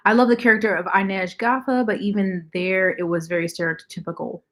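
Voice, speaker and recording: A woman's voice: mid-range voice, fairly even intonation, fairly quick. A young woman hosting a casual livestream, bluntly reacting to chat comments and swearing freely. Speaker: livestream host.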